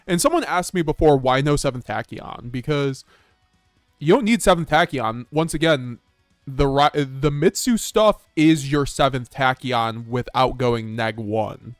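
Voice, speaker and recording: A man's voice: mid-range voice, lively intonation, a little slow, no room sound, soft background music. Rambling casual male card game streamer. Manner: rambling, casual, frequent restarts and chuckles. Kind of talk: live-stream gameplay commentary.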